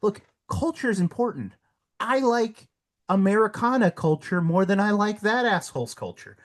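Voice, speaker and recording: A man's voice: high voice, animated, normal speed. A man guesting on a podcast, ranting bluntly with heavy profanity and heated emphasis. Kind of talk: casual podcast rant.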